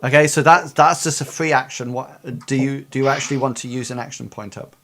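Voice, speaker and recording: A man running a tabletop game online as game master, hesitant and full of pauses and restarts. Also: medium pitch, fairly even intonation, fairly bright tone.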